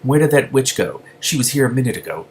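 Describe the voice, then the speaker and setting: A man's voice: mid-range voice, expressive, fast talker, slight background noise, pitched above the performer's own voice, close to an everyday voice. A man voicing a blunt young girl who speaks sharply and demandingly. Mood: indignant.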